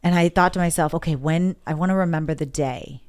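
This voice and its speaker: Speaking quickly in a low voice, a woman shares an emotional personal story on a podcast. She's candid and keeps quoting others in animated voices, giving it the feel of casual interview storytelling.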